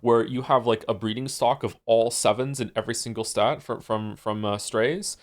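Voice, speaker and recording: A man's voice: mid-range voice, fairly even intonation, normal speed. A man streaming from home, chatting casually with his viewers, rambling with many fillers and restarts. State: losing his voice. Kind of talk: casual chat with chat.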